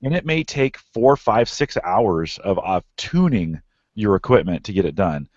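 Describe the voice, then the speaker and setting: A man's voice: on the low side, sing-song, a little slow, darkish tone, no room sound, dull audio. A man hosting a podcast advice show, coaching a caller with encouraging, repeated tips. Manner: encouraging, repeats phrases for emphasis.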